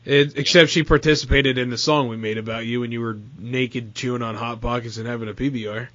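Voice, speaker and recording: A man co-hosting a podcast, telling stories in casual banter and stammering when excited. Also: medium pitch, fairly quick, no room sound, lo-fi sound. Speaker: podcast co-host.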